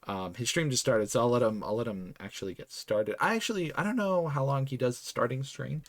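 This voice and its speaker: A man's voice: medium pitch, a little fast. A man hosting a podcast stream, chatting casually and goofing around as he signs off. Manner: jokey, goofy, rambling sign-off. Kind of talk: casual chat while live streaming.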